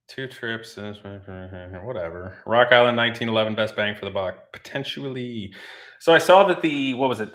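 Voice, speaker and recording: A man's voice: fairly low pitch, fairly bright tone. A man hosting a casual livestream from his home garage, rambling and joking while he works and reads the chat aloud. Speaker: livestream host.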